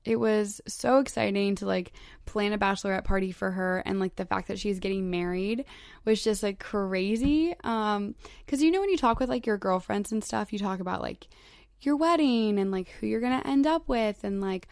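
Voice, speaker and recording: A woman's voice: medium pitch, normal speed, creaky, darkish tone, no echo, clean studio sound. A young woman in her twenties hosting a solo podcast, chatting casually and gushing, with "like" in nearly every phrase. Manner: chatty, heavy use of "like", gushing. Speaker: podcast host.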